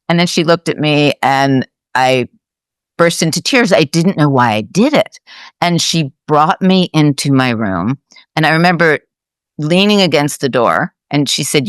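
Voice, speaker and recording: Clear-voiced woman host telling a story. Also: sits low, animated, dry recording, clean studio sound. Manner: reflective, halting storytelling with restarts. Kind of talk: conversational storytelling.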